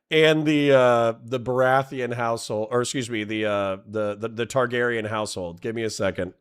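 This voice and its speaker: Speaking at a moderate pace with hardly any pauses, a man with a clear, resonant, medium-pitched voice and fairly even intonation addresses his livestream chat. The casual reaction talk is giggly and full of profanity, punctuated by frequent bursts of laughter.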